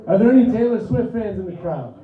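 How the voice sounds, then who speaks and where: A man in his thirties works a club crowd with a loose, profane stand-up set and keeps laughing at his own jokes. His voice sits high, and he sounds set back from the mic. The recording is dull and roomy, as in a small club. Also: animated, fast talker, far from the mic. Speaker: stand-up comedian. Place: comedy club stage.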